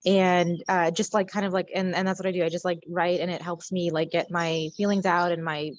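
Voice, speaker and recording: Lower-voiced woman, full of ums. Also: level tone, fairly quick, dry recording, highs cut off. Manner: hesitant, many ums and likes. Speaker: guest author. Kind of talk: casual interview answers.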